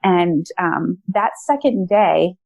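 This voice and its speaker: Lively woman telling a story. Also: fairly low pitch, slow pace, creaky, dry recording, narrow, tinny audio. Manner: animated, laughs often, acts out quotes. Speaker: podcast guest. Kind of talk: casual storytelling chat.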